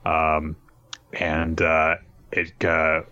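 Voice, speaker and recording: A man's voice: a bass voice, monotone, drawn-out words, bright, forceful tone. A man recapping a story casually, rambling with many fillers and jokey asides. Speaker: podcast host recapping an anime. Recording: dull lo-fi sound.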